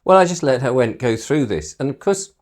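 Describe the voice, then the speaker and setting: A middle-aged British broadcaster chatting casually, telling an animated story, laughing often and acting out what people said. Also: male voice, medium pitch, fairly quick. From Britain. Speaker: broadcaster being painted. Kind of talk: casual chat.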